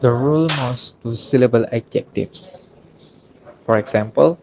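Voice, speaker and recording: A young man with an Indonesian accent, a student giving a recorded class presentation and reading slowly and carefully with pauses between phrases. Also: mid-range voice, gravelly, crowd noise, low-quality recording. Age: young adult.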